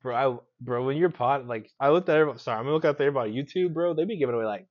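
A young man co-hosting a casual podcast, quick to laugh and tease, saying "bro" a lot. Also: mid-range voice, dull audio. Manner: fast, laughing, teasing banter, says "bro". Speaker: podcast co-host. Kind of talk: casual chat.

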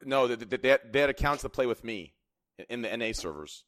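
A man's voice: mid-range voice, animated, fast talker, a bit bright. A man hosting a casual group video call, playful, stammering and repeating his words as he talks. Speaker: host of a group video chat. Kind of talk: casual chat.

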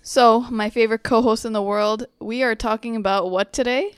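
A woman co-hosting a podcast in casual chat, teasing her co-host and chiming in with quick agreement. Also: fairly high pitch, steady tone, clear, resonant tone, no echo, clean studio sound.

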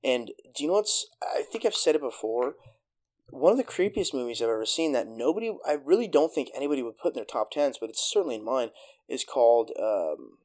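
A man's voice: mid-range voice, fairly quick. A man hosting a casual podcast chat, eagerly retelling a movie plot with lots of swearing and filler words. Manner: excited retelling, heavy swearing. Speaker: podcast host.

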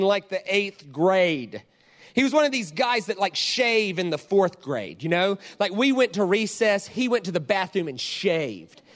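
Animated high-pitched male preacher. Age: 40s. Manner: animated, acts out scenes and quotes. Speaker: pastor. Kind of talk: sermon with storytelling.

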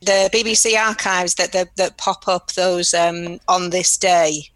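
Halting woman on a dry mic. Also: fairly low pitch, fairly even intonation, fairly bright tone, no echo. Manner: halting, laughs often. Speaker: podcast co-host. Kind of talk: casual discussion.

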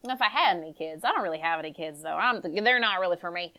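A woman voicing a fast-talking, distractible young apothecary who rambles on chattily. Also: on the low side, animated, pushed and bright. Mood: rambling.

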